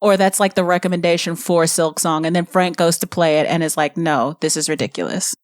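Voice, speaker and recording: A woman on a podcast panel with a fairly low voice, cracking wry, blunt jokes. The recording is close and dry, without room sound. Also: fairly even intonation, brisk, no echo. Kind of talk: casual panel chat.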